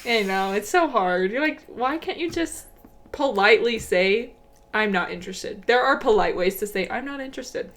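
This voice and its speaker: A young woman with a mid-range voice talks in a relaxed, chatty way as a podcast co-host. She reads out a listener's story casually, and her delivery is easygoing. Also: mid-range voice, moderate pace. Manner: relaxed, chatty, laughs easily. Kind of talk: casual chat.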